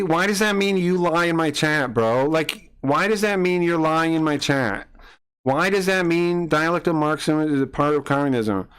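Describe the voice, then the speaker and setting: Male streamer, slightly high voice, furious profane accusatory rant at chat. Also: a bit bright, clear, resonant tone. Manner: angry, profane, accusatory ranting. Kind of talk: heated live-stream argument with chat.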